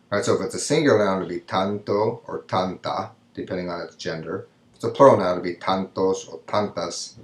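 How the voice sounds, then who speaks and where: Deep-voiced man teaching grammar, echoey room. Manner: explanatory, frequent "right?" checks. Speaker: Spanish teacher. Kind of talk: recorded grammar lecture.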